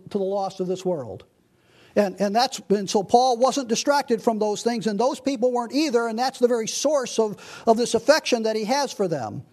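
A pastor preaching an expository sermon, earnestly reading scripture aloud with frequent restarts. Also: male voice, very high voice, a little mellow.

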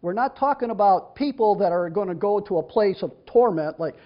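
A man's voice: sits high, lively intonation, a little fast. A man teaching from the Bible, reading verses aloud and then explaining them in a chatty, conversational way. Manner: reads scripture then explains it in a casual, chatty way with restarts. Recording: dull lo-fi recording.

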